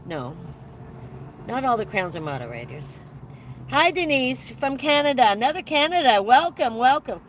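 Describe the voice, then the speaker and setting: An older woman chatting casually on a live stream, with a slightly high voice. She rambles from topic to topic and greets viewers by name, with a faint hum of noise behind her. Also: very animated, normal speed. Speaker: van-life vlogger hosting a live stream. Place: inside her van.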